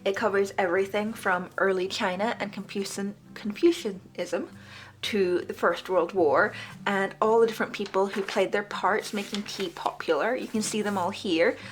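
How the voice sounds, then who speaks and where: Chatty woman reviewing a magazine. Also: normal speed. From Britain. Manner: chatty and enthusiastic, with lively pitch jumps. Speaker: book club vlogger.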